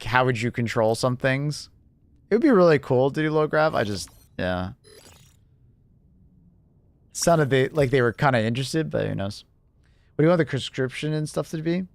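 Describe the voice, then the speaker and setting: Casually rambling to his live-stream audience, a young man uses lots of fillers and laughs quickly and often. His mid-range voice has a clean tone, and the recording carries no echo.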